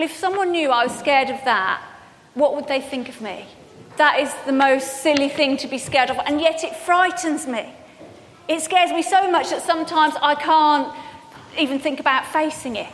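A woman giving an earnest, personal sermon to a congregation, sometimes projecting and sometimes speaking softly. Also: high voice. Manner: earnest, personal, shifts between projected and soft-spoken. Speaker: preacher. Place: church hall. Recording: hall reverb, faint background noise.

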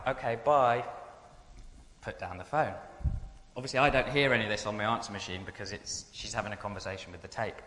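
A man's voice: fairly low pitch, fairly bright tone. A man telling humorous personal stories to an audience in a chatty, self-mocking way. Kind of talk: humorous anecdote told to an audience. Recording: echoey hall with long reverb.

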